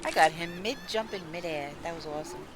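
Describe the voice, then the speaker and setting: Streaming a zombie shooting game, a New York-accented woman keeps up chatty, animated gameplay talk and tells stories with energy. Her pitch is fairly low and her pace a little quick. The recording is very noisy, with loud in-game gunfire beneath her.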